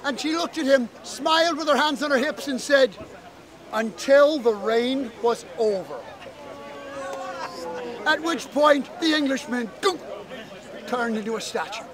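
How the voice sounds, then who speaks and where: High-voiced man telling a folk tale. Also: normal speed, a crowd in the background. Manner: animated, teasing asides. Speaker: storyteller. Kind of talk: live oral storytelling to an audience. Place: outdoor event.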